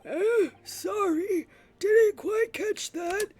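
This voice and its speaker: Woman doing a slow fussy old judge. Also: very high voice, a little mellow, voice pushed up, exaggerated voice. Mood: ponderous. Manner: slow, hesitant, ponderous. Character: fussy elderly male judge.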